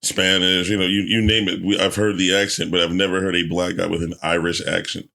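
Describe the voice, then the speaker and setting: A man with a very deep voice talks as a podcast guest. His tone is gravelly with vocal fry, and he jokes bluntly in a laid-back way. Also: little pitch movement, fairly quick, sharp tone. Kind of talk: casual chat.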